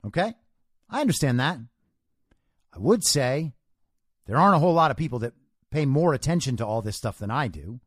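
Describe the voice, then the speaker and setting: A man's voice: mid-range voice, animated, fairly quick, long pauses, no room sound, clean studio sound. A man hosting a podcast, giving an opinionated solo monologue with emphatic delivery and rhetorical questions. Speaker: podcast host.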